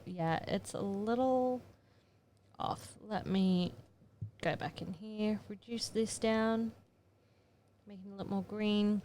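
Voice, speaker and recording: A woman's voice: mid-range voice, darkish tone, slight background noise. A woman photographer casually narrating her editing steps, chatty and thinking aloud as she works. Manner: chatty, muttering to herself while working. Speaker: photographer giving an editing tutorial.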